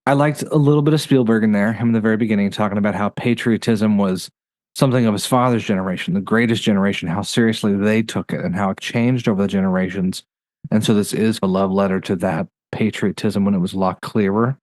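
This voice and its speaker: Male podcast host with a lower voice, dry close sound, casual review chat, reels off facts in quick bursts. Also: fairly even intonation, a little mellow, no echo.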